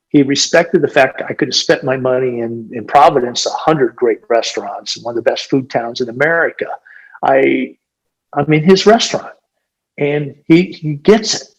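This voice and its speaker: A husky older man in his sixties talks shop like a veteran gym owner. He rambles through animated stories, full of "you know" and restarts. His voice sits at an ordinary pitch with a rough edge. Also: poor audio. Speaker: gym owner and business coach. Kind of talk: casual podcast storytelling.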